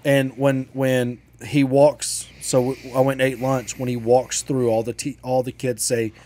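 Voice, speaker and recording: A man's voice: mid-range voice, level tone, measured pace, dark tone. A man co-hosting a casual talk show, arguing his point with animation and casual swearing. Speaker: podcast co-host and father. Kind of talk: casual chat.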